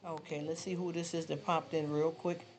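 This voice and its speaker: A man's voice: on the high side, flat delivery, normal speed. A man hosting a livestream, lecturing his viewers in a casual, preachy rant full of repeated rhetorical questions. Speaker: livestream host. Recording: livestream with music behind. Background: background music.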